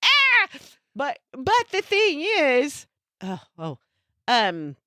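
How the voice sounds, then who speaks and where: A woman co-hosting a casual couple podcast at home, halting and giggly, with plenty of fillers. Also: sits high, huge pitch swings, sharp tone, no echo, studio quality. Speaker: podcast co-host. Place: at home, cat in the room.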